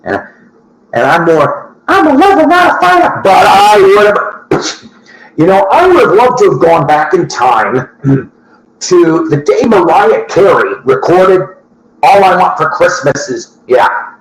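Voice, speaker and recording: A man hosts a record-collecting show, chatting loosely and rambling to his viewers, swearing and laughing at his own asides. His voice is fairly high and sing-song, and he takes it slowly. The room sounds echoey.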